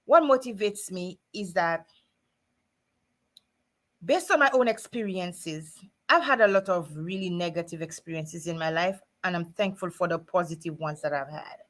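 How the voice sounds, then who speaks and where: A woman's voice: fairly low pitch, moderate pace, a bit bright. Earnest, emotional woman hosting a live show. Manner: earnest, emotional, with many restarts and fillers. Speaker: host of a nightly live show. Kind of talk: heartfelt personal talk to a live audience.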